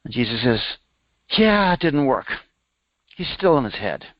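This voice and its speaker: A man's voice: measured pace, no echo, muffled recording. A man, a spiritual teacher, telling a parable in a sermon and lifting his voice for the characters' lines. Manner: animated storyteller, voicing characters with raised pitch. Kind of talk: storytelling sermon.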